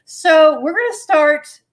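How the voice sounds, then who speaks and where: A woman hosting a live painting demo, chatty and folksy, talking to her paint as she works. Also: high voice. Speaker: host.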